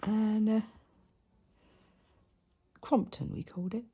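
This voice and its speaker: A woman's voice: medium pitch, steady tone, slow pace, husky, phone-quality sound. A middle-aged woman chatting as she sews, rambling through stories and often dropping into whispered asides. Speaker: sewing vlogger. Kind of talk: casual chat while sewing. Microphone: camera close in front.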